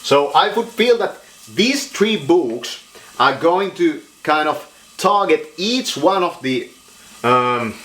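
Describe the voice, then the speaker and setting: A man's voice: fairly high pitch, fairly bright tone, roomy sound. A man from Finland, rambling jokingly through a casual monologue in his home kitchen. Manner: joking, rambling, laughs often. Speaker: vlogger.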